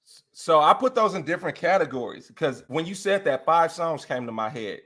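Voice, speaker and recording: Brief: lively, bright-voiced man, chatty guest, breaks into song snippets. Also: fairly high pitch, fairly quick. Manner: animated, laughs often, sings snippets of songs. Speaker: interview guest, R&B enthusiast. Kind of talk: casual chat.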